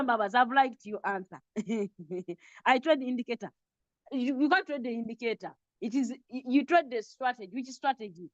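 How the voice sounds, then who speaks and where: A woman's voice: a little high, a bit bright, no echo, highs cut off. A woman with a Ugandan accent teaching an online trading class over a video call, repeating points and drilling lists. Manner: repetitive, drilling lists, chuckles often.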